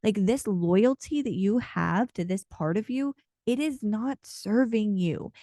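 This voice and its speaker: A woman with a mellow, warm voice talks through a channeled card reading. She speaks casually and earnestly, rambling with plenty of fillers. Her voice sounds close and dry, with no room around it. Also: medium pitch, expressive, unhurried, no room sound. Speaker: intuitive card reader and channeler.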